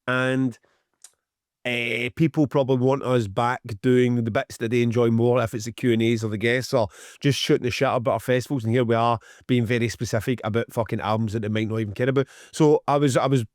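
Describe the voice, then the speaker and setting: A man's voice: medium pitch, steady tone, brisk, no room sound, studio quality. A Scottish man co-hosting a podcast in casual, sweary, teasing chat. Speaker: podcast co-host.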